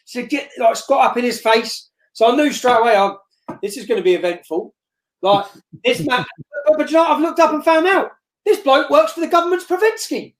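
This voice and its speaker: A man telling a story as an interview guest on a live stream, blunt and forceful, repeating himself and tagging lines with "yeah?". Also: very high-pitched, a little fast. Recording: roomy echo.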